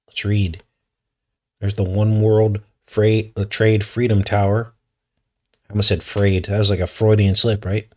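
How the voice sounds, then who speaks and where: A man hosting a news commentary vlog, reading articles aloud and breaking in with suspicious, skeptical remarks. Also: on the low side. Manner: suspicious, conspiratorial tone. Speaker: channel host.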